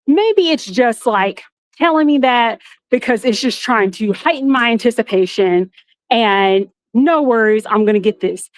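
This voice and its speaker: A woman hosting a live walking vlog outdoors, telling a story in a lively, dramatic way while filming on a handheld phone. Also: no room sound. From Florida. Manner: animated, dramatic storytelling with big pitch jumps. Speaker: vlogger. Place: outdoors in a theme park.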